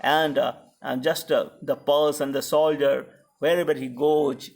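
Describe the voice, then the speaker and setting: A male literature lecturer with an Indian English accent, speaking slowly in a slightly high, gravelly voice. He explains verse step by step, hesitant and full of fillers and restarts. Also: steady tone. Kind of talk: academic lecture on poetry.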